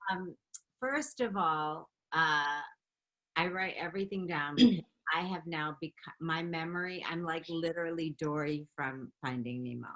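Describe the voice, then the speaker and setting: Bright-voiced animated woman. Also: low voice, moderate pace, lo-fi sound. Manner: animated, laughing, chatty storytelling. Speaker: interview guest, makeup artist and beauty founder. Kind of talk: casual interview chat.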